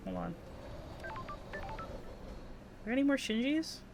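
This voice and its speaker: A woman's voice: sits high, lively intonation, unhurried, gravelly, background noise. A woman streaming a video game, chatting casually and playfully, swearing now and then and reading dialogue aloud. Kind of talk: casual chat while playing a video game. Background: game music.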